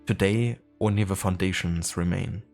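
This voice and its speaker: Game streamer, male, deep voice, rambling chatty delivery, faint music underneath. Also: steady tone, normal speed, vocal fry, darkish tone. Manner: rambling, many fillers, reads codex entries aloud. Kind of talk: casual livestream chat and reading aloud.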